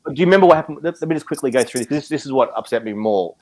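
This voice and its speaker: A man's voice: medium pitch, animated, rapid-fire. A man arguing heatedly on a live stream. He is emotional and passionate, and he stammers and repeats himself. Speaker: watch community member.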